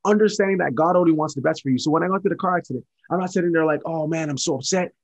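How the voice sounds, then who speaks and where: A man's voice: on the high side, creaky. A man sharing his faith testimony as a podcast guest, earnest and repetitive. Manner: earnest, repetitive, fast-talking.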